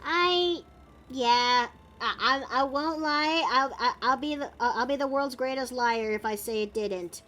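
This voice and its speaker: A woman's voice: sits high, unhurried, bright, forceful tone. A woman chatting casually while drawing on her art stream, narrating her steps in a playful way.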